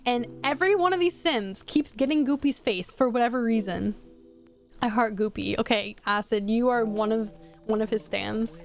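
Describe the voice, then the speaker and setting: A woman streaming a life-sim game, chatting casually and reacting with excited, swearing exclamations. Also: a little high, moderate pace, vocal fry, faint music behind. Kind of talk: casual gameplay commentary.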